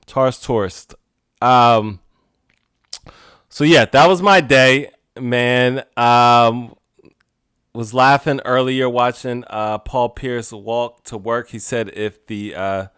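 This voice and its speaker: A man hosting a podcast alone, telling a rambling casual story with frequent laughs and sudden animated outbursts. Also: on the low side, clean tone, dry recording, clean studio sound. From United States. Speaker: podcast host. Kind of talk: casual solo monologue.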